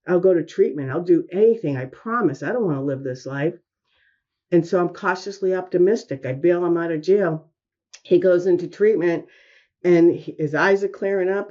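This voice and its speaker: Woman, mother, interview guest, earnest storytelling, mellow tone, muffled lo-fi sound. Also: low-pitched. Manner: earnest, animated retelling with quoted dialogue. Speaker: guest, parent of a son with addiction.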